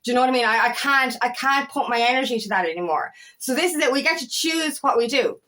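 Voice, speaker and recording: A woman's voice: sits high, fast, sharp tone. A woman coach giving a blunt, heated motivational talk, swearing often and leaning on fillers like "you know what I mean.". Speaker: empowerment coach. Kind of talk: casual motivational talk to camera.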